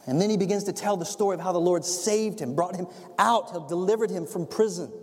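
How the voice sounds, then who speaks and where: A man preaching a sermon as a pastor, telling the story in an animated way and acting out the scenes. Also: sits high, a little fast. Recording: long hall reverb.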